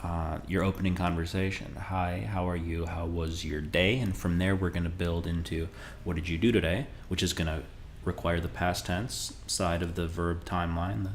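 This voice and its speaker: Man, very deep voice, relaxed teacher, casual lesson, slow modeled phrases, faint typing behind. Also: a little hiss or hum. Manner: relaxed and conversational, models Spanish phrases slowly. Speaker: Spanish teacher.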